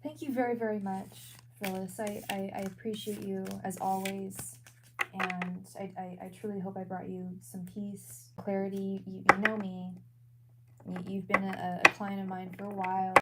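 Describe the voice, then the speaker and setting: Halting, soft-spoken woman reading tarot. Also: medium pitch, flat delivery, very noisy. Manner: soft, halting, many repeated words. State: emotional. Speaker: tarot reader and psychic medium. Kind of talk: live-streamed psychic reading.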